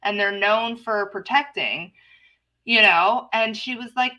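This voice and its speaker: A woman's voice: medium pitch, moderate pace, bright, forceful tone, poor audio. A woman in casual stream chat, telling stories animatedly with lots of swearing. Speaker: co-host.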